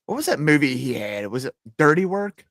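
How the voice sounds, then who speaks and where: A man's voice: fairly high pitch, big pitch swings, a little fast, a bit bright, no echo. Rambling man on a dry mic. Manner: rambling, many fillers. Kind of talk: casual chat.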